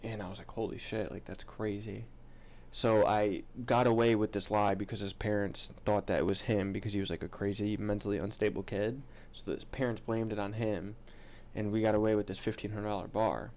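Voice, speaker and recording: A young man recounts a wild personal story in a loose, rambling storytime manner. His voice sits a little low, and his talk is packed with slang, swearing and constant filler "like". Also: level tone, brisk, a little mellow. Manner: profane slangy rambling, heavy use of "like". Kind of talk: casual storytime.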